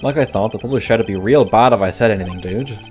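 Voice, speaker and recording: A man's voice: fairly low pitch, quick pace, darkish tone, soft background music, lightly acted. A man voicing a laid-back, self-absorbed young male celebrity in a game, in a loose casual tone.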